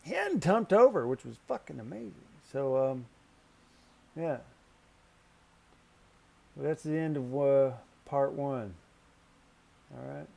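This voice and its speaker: A man's voice: slow, vocal fry, long pauses. A man telling a story casually and animatedly, swearing freely, his voice jumping up when he gets worked up. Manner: profane, animated, pitch jumps when excited. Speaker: storyteller recounting a canoe trip.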